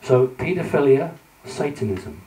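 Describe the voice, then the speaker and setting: A man's voice: mid-range voice, big pitch swings, unhurried, mellow. Man lecturing in an echoey hall. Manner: conversational, addresses the audience directly, frequent ums and restarts. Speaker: public speaker lecturing with slides. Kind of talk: presentation to a live audience. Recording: roomy hall, voice from a distance.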